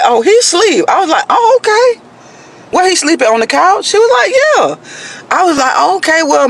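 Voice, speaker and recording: A man casually telling a dating story to camera in an animated way, often calling out to his listeners. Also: very high voice. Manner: animated, addresses listeners as "y'all".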